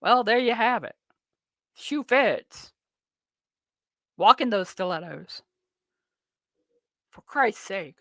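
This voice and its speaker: A woman's voice: mid-range voice, expressive, slow, long pauses, no room sound. A woman hosting a political talk radio show, ranting with sarcastic indignation.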